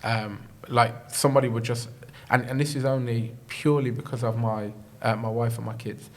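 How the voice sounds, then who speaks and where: A poet from Birmingham with a Brummie accent, chatting casually as an interview guest and telling lively stories with frequent laughs. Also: male voice, mid-range voice, normal speed. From Birmingham, England. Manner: animated storyteller, laughs often, acts out quoted voices.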